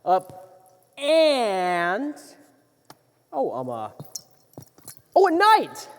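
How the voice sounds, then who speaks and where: On a theater stage, a woman playing a playful court jester in a live musical guesses aloud in an exaggerated, slightly high voice, very slowly, with lots of oh's and ums. A distant camera mic captures the reverberant theater.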